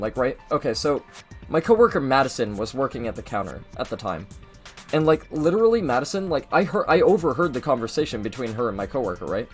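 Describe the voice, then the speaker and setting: Young man rambling through a story. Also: medium pitch. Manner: rambling, animated, mimics people in his story. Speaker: gaming video host. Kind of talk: casual storytelling over gameplay.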